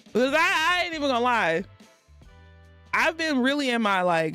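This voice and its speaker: Lively lisping Texan woman streamer. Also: on the high side, normal speed, no room sound, faint music behind. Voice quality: slight lisp. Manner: laughs often, talks back to chat. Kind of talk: casual live-stream chat.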